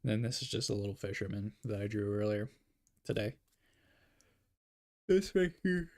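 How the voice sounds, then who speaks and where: Young man, gravelly voice, casual drawing stream, rambling, self-deprecating, tired. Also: on the low side, little pitch movement, fast, a little mellow. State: yawning, tired. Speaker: art streamer. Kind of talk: casual drawing livestream chat.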